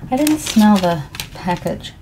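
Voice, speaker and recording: A woman in a soft-spoken ASMR tea ramble at home, talking in an unhurried, rambling way with a froggy morning voice. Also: mid-range voice, animated, slight background noise, poor audio. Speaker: ASMR creator.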